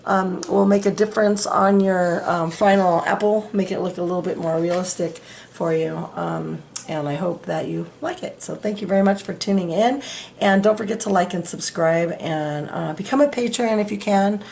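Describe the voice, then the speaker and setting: A woman's voice: fairly low pitch, normal speed, creaky, a little mellow, a little hiss or hum. A middle-aged woman hosting a casual real-time drawing tutorial from a home studio, chatty and self-deprecating as she talks while she works. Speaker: art tutorial host.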